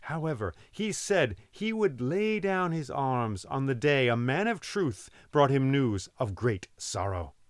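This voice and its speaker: A man voicing an honest, troubled male king who speaks earnestly and softly. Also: medium pitch, sing-song, unhurried, hardly any pauses, no room sound, studio quality, voice pushed up. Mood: remembering.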